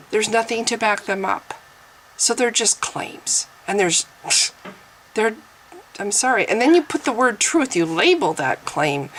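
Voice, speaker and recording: A vlogger talks directly to camera in an opinion video, sarcastic and argumentative, repeating herself often to press her point. Her voice is a little high and a bit bright. The recording is low quality, with slight background noise.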